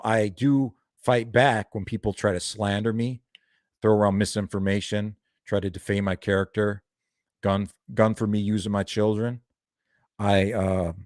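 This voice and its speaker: A man's voice: lowish voice, fairly even intonation, a little slow, long pauses, darkish tone, dry recording, studio quality. A young man doing a heated, profane reaction video, ranting and calling people out. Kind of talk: angry reaction commentary.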